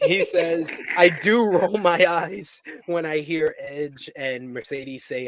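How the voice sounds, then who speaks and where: A man's voice: on the high side, unhurried, hardly any pauses, no room sound. A man co-hosting a wrestling review show in casual chat, reading out viewer comments and donations and laughing often.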